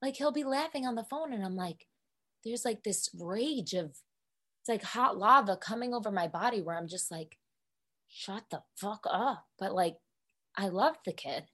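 A young woman talks through her week on a casual solo podcast episode. She is candid and emotional and curses freely, and her voice sits at an ordinary mid pitch. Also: lively intonation, moderate pace, bright, forceful tone. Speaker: podcast co-host.

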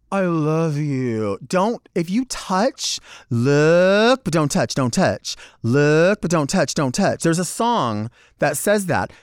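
A man's voice: fairly high pitch, no room sound, clean studio sound. A man, a drag performer, giving a blunt and profane monologue, acting out other people's lines as he goes. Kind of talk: candid monologue.

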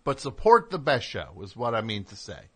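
A man's voice: on the low side, wildly swooping pitch, normal speed, fairly bright tone, breathy edge. A middle-aged man hosting a radio show, talking in a digressive, self-interrupting monologue with sarcastic asides. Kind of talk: rambling on-air monologue.

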